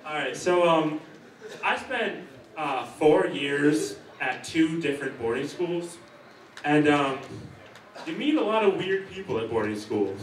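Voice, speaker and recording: A young man doing a stand-up comedy set, offhand and deadpan with rambling asides. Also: a little high, recorded from a distance, slight background noise. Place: comedy stage in a hall. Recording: echoey hall, mic heard from afar.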